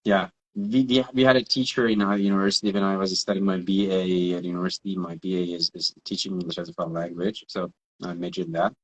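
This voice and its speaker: A man's voice: low-pitched, little pitch movement, quick pace, poor audio. A man from Iran, chatting as a guest and often repeating words as he searches for them. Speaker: guest, English teacher. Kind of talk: casual conversation.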